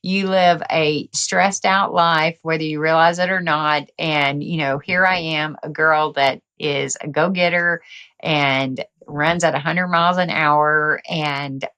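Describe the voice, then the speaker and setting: A middle-aged woman telling her story as a podcast guest, energetic and quick to laugh. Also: low voice, clear, resonant tone. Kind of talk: casual interview talk.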